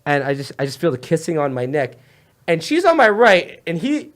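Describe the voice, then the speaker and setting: A man's voice: fairly high pitch, big pitch swings, moderate pace. A young man telling a rambling story in casual podcast chat, laughing often and jumping between tangents. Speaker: comedian guest.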